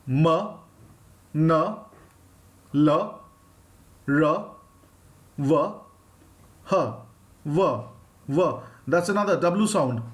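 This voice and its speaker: A man with an Indian English accent, teaching a live phonics lesson and drawing out each sound slowly. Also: high voice. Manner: slow, drawn-out demonstration of sounds, reading out viewers' names.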